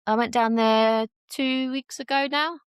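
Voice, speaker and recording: A woman's voice: a little high, fairly even intonation, a little slow, smooth, no echo, studio quality. A young woman talking openly as a podcast guest, chatty and full of fillers, acting out the voices she quotes. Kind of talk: casual conversation.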